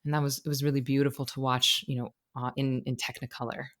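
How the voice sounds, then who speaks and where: A woman's voice: extremely low pitch, little pitch movement, fast talker. A woman speaking as a podcast guest and meditation teacher, explaining ideas expressively through analogies and stories. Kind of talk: conversational interview.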